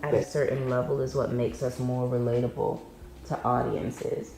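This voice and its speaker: A woman's voice: very deep voice, flat delivery, normal speed, vocal fry, dark tone, reverberant, soft background music, poor audio. A woman speaking candidly and wryly in a conversation, laughing at her own jokes. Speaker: guest in a discussion video. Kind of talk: conversational commentary.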